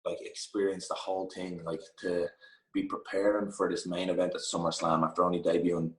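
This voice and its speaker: An Irish man in his thirties, a guest telling a loose, lively anecdote in casual chat, swearing now and then. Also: deep voice, brisk. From Ireland. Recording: echoey room, mic at a distance.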